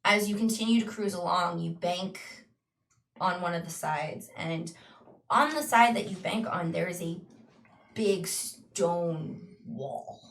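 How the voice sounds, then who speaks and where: A woman runs a tabletop game, slowly painting each scene in words. Her voice sits a little low. She is heard from some distance in an echoey room. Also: fairly bright tone. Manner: slow, descriptive storytelling with restarts. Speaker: game master.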